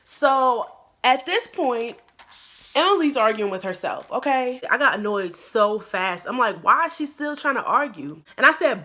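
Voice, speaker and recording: A young woman recounts a school story in casual, slang-filled chat. Her voice is bright and a little high. She acts out the quotes with punch. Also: measured pace. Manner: animated, acts out quotes in a louder voice; slangy, lots of "like" and "bro". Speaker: YouTuber.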